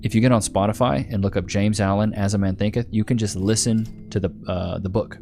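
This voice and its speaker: A chummy man with a fairly low voice talks loosely through a livestream, thanking viewers and reading their donations. His talk rambles, with plenty of laughing asides, and faint music plays underneath. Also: fairly even intonation, a little fast, creaky, a little mellow. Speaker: livestream host.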